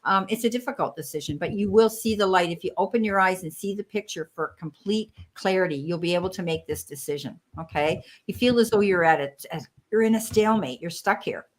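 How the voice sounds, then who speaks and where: A woman's voice: medium pitch, brisk, few pauses. An American woman hosting a live-stream tarot reading, reassuring and affectionate, calling listeners sweetheart and honey. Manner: warm, reassuring, calls viewers sweetheart and honey. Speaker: tarot reader and medium, live stream host.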